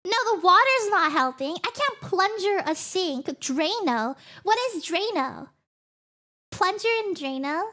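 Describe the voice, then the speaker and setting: Very high-pitched giggly woman streamer. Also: big pitch swings, a little slow, bright, forceful tone. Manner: giggly, laughs often and trails off mid-sentence. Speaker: live streamer. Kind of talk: casual live-stream chat.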